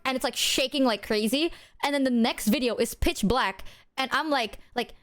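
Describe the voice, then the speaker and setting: Young woman streamer, animated, giggly, casual swearing, somewhat high pitch. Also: fairly quick. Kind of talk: casual chat.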